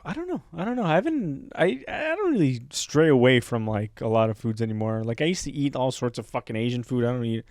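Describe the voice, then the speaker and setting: A young adult man and comedian chats on a podcast in a middle-pitched voice, telling stories with animated energy and plenty of swearing. His voice is recorded dry and close, with no room echo. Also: fast, few pauses. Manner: animated storytelling, swears freely. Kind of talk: casual chat.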